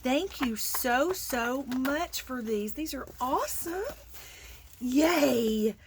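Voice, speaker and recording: Gushing high-voiced Southern woman. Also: animated, drawn-out words, noisy background. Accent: Southern US (Georgia). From Georgia, USA. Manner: gushing, effusive, chatty with viewers. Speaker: crafting vlogger. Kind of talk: casual chat unboxing mail.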